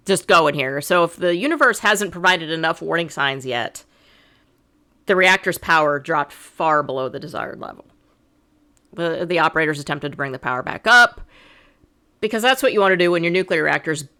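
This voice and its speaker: A woman's voice: on the low side, pushed and bright. A middle-aged woman co-hosting a podcast, explaining events step by step with a sarcastic edge. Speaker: podcast co-host. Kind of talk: casual podcast chat.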